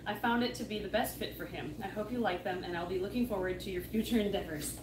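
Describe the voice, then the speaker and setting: A chatty, excitable woman co-hosting a casual chat while opening fan mail. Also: mid-range voice, quick pace, roomy sound, far from the mic, noisy background. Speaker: co-host.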